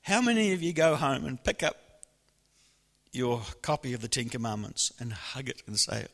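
A man preaching a sermon in a church hall, lively and animated, often laughing and acting out voices. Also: mid-range voice, moderate pace. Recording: long hall reverb.

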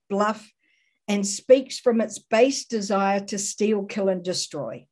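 A woman giving a sermon-style Christian teaching in a measured, earnest way, building long lists of examples. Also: mid-range voice, mellow.

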